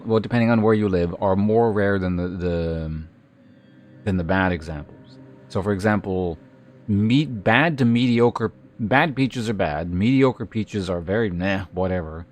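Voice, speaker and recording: A man's voice: fairly low pitch, a little mellow. A man streaming, chatting casually with his viewers in a rambling way, with many restarts and filler words. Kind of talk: casual chat with live viewers.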